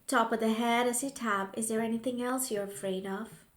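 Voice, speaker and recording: High-voiced woman coaching a tapping session, slow and soothing, roomy echo. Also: fairly even intonation. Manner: slow, soothing, with soft whispered asides. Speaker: healing coach.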